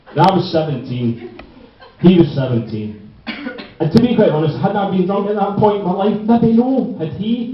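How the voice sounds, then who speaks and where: A man with a Glaswegian Scottish accent telling a rambling, laugh-filled anecdote as a tribute speech to a friend at a party. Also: high voice. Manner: rambling, often breaking into laughter. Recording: echoey hall, distant dull mic.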